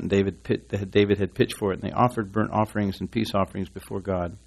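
A man's voice: lowish voice, steady tone, fast talker, vocal fry. A man preaching a sermon in a church, rambling and folksy with asides and restarts, reading scripture aloud to his congregation. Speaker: pastor.

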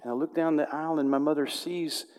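A man preaching a storytelling sermon, swinging between loud outbursts and hushed tones. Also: on the high side, steady tone, quick pace, smooth, in a large hall.

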